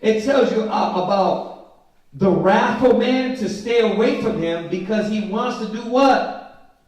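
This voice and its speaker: A man teaching a Bible study, reading scripture slowly and with emphasis, then breaking into casual, slangy commentary. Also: sits high, lively intonation, darkish tone. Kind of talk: informal scripture study sermon. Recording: very echoey room from a distant mic.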